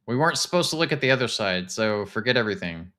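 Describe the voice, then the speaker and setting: A man, casually chatting to his live-stream viewers while touring game houses, excitable and talkative. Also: lowish voice, fast talker. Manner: chatty, excitable, talks to chat.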